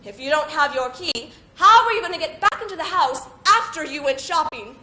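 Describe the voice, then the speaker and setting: A woman's voice: high voice, animated, a little fast, bright, forceful tone, a little hiss or hum, full character voice. A woman voicing a grumpy, sarcastic middle-aged husband in a staged comedy scene, needling his wife with dry questions. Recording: roomy echo.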